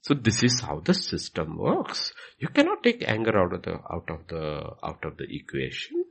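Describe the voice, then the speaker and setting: A man's voice: sits low, wildly swooping pitch, normal speed, vocal fry, husky. A man answering questions as a pastor in a Q&A, repeating his points with emphasis. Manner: repetitive, emphatic, acts out quoted questions. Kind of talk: Q&A teaching.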